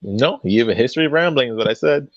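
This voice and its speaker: A man's voice: mid-range voice, lively intonation, very fast, no echo, highs cut off. A man on a heated online debate panel, mocking his opponent with slang and frequent laughs.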